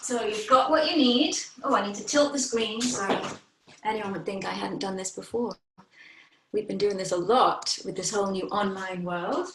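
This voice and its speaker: A yoga teacher with a British accent, a little short of breath, guiding a slow, gentle relaxation class with reassuring words. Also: female voice, medium pitch, slight background noise. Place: home room, online class. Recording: roomy sound from a distant mic.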